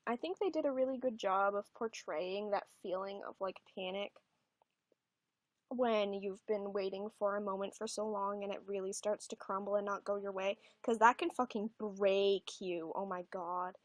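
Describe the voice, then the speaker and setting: A woman's voice: mid-range voice, a bit bright, no echo. A young adult woman chatting casually on a home livestream, rambling and swearing casually.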